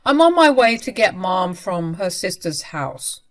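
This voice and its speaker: A woman's voice: on the low side, sing-song, unhurried. A woman voicing a dismissive, impatient husband. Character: dismissive husband, adult man.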